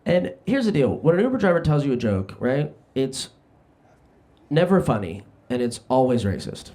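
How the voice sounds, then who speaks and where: A young man doing a stand-up comedy set on a club stage, brash and self-deprecating, throwing quick asides at the crowd. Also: mid-range voice, very animated, mellow. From New Jersey. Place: comedy club stage before a live audience.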